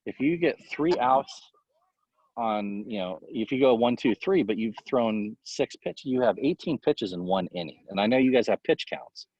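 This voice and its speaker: A man who is a baseball coach, talking casually in an interview and giving tips in a rambling, animated way full of fillers. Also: mid-range voice, moderate pace, husky, no echo. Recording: dull, lo-fi, dry sound.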